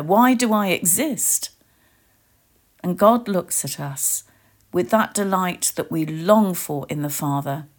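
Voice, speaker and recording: A woman giving a reflective sermon, leading listeners through a gentle guided imagining in short, meditative phrases. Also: medium pitch. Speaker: preacher.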